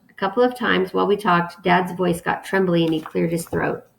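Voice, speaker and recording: Gravelly, low-voiced woman teacher reading aloud. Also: normal speed. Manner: calm, steady storytelling. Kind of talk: reading a novel aloud to students.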